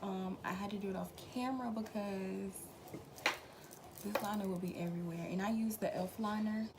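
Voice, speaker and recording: A young woman with a slightly raspy just-woke-up voice, chatting casually to viewers through a makeup tutorial at home. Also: mid-range voice, moderate pace, heavy background noise. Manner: chatty, relaxed, talks to viewers as friends. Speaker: beauty vlogger.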